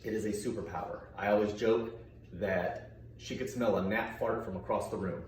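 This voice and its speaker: A man co-hosting a casual family vlog, easygoing and chuckling, with halting fillers. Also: lowish voice, fairly even intonation, slight background noise. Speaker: vlog co-host. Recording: echoey room, mic far off.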